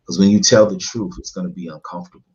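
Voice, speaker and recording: A man's voice: low voice, steady tone, quick pace, a little mellow, highs cut off. A man being interviewed as a guest, telling his personal story in an earnest, reflective way with rhythmic lists.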